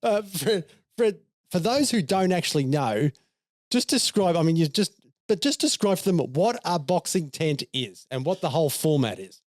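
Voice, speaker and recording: A man's voice: a little high, very animated, moderate pace, no room sound, clean studio sound. A man hosting a casual interview, asking his guest to explain things. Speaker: host.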